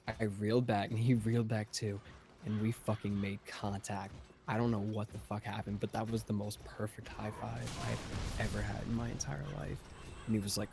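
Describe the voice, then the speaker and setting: Low gravelly man telling a story. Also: level tone, moderate pace, a little mellow, a little hiss or hum. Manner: profane, rambling, laid-back. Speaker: podcast host. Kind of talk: casual storytelling.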